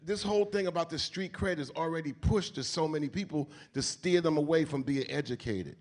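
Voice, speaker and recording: A man with a New York accent speaks on stage at an event. He talks in an animated, sermon-like way, loaded with street slang and casual profanity. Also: fairly high pitch, a little fast. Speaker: keynote speaker. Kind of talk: onstage conversation. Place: event stage before an audience.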